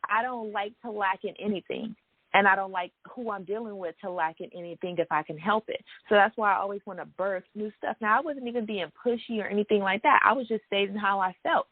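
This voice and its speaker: A woman's voice: mid-range voice, fairly quick, husky, no room sound. A grown woman giving a frank personal faith testimony, speaking earnestly and emphatically with frequent "you know" and "right?" asides. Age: adult. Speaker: faith vlogger. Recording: dry, phone-like audio.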